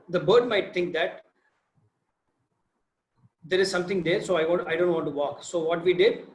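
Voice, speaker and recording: A man with an Indian English accent, a field biologist telling his research story in an informal online session, animated and quizzing his listeners. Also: sits high. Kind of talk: informal talk on a video session. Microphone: video call. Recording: roomy echo.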